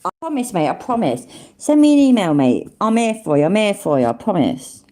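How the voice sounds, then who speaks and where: A woman's voice: medium pitch, very animated, fairly quick, noisy background. A woman giving mocking reaction commentary over a stream, sarcastic and taunting, swearing freely.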